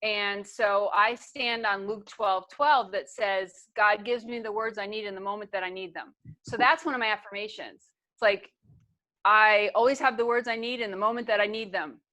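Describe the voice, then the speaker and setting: A woman's voice: mid-range voice, fairly even intonation, normal speed, pushed and bright. A woman leading a training on a video call, talking in an earnest, conversational way and often restarting her sentences. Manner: earnest, conversational, repeats herself. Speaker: guest speaker and trainer. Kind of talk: casual teaching on a video call.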